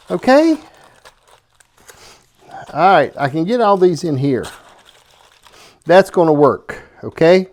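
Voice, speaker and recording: A man with a drawl chats his way through a recipe in his home kitchen, ribbing the person behind the camera. His voice rides a little higher than most men's, and he keeps checking in with "okay?" as he talks. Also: darkish tone. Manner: folksy, joking, keeps asking "okay?". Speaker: cooking show host. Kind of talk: casual kitchen chat to camera.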